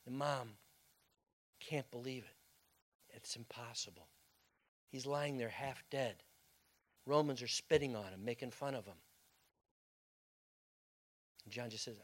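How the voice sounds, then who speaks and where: A male pastor preaching a sermon as dramatic storytelling, swinging from loud bursts to hushed tones. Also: mid-range voice, unhurried, long pauses.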